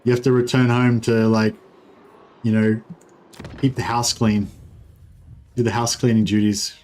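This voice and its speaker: A man's voice: mid-range voice, level tone, a little slow, a little mellow. A man streaming a strategy game, thinking aloud in hesitant, casual commentary and swearing now and then. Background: faint game music.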